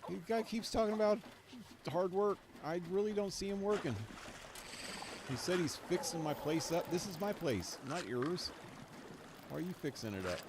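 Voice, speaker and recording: Streaming a game from a chilly room at home, a man with a slightly high voice jokes to himself about the on-screen action in casual commentary, over a noisy background.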